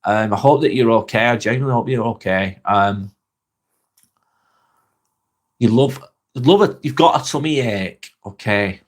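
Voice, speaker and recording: An Englishman streams live from his spare bedroom, wearing a wireless clip-on mic as he reads viewer comments. He rambles, repeats himself, and says um a lot, speaking at a medium pitch and a measured pace with long pauses.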